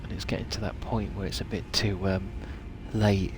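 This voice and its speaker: A man's voice: low-pitched, level tone, moderate pace, background noise. A man streaming a game, musing aloud in casual, rambling chat with many restarts.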